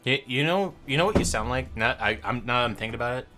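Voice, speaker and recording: A man's voice: medium pitch, lively intonation, quick pace, music in the background. A man hosting a trivia night stream, casual and chatty, with showy announcer-style intros and rambling asides. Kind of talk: casual livestream banter. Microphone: headset.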